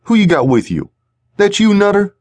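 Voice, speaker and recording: A man's voice: high-pitched, big pitch swings, moderate pace, a little mellow, dry recording, voice pushed up. A man voicing a short, cocky male thug who taunts his victim with a gun. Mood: taunting. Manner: taunting, mocking.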